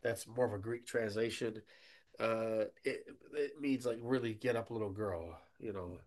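A man preaching a sermon as a pastor, emphatic, often checking in with "okay?", and swinging between loud emphasis and quiet asides. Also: fairly low pitch, measured pace.

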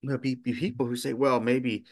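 A man's voice: medium pitch, level tone, a little fast. A man preaching a sermon earnestly, repeating phrases and restarting sentences as he works through a text. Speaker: pastor.

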